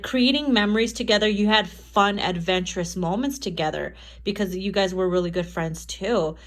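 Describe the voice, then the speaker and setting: A woman's voice: mid-range voice, fairly bright tone. A woman giving a casual tarot reading to camera, chatty and profane, often laughing and acting out quotes. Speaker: tarot reader.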